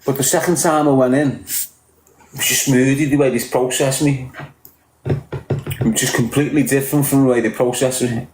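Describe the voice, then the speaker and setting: A man's voice: medium pitch, steady tone, normal speed, pauses often, a little mellow, reverberant, slight background noise, poor audio. A man with a Liverpool accent chatting casually on a livestream, greeting viewers and teasing them bluntly with heavy swearing. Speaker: livestreamer reading viewer comments.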